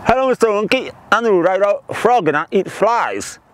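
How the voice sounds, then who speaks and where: A man's voice: sits high, animated, moderate pace. A man voicing a cheerful, naive male frog in a spoken joke, with sing-song greetings. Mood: cheery.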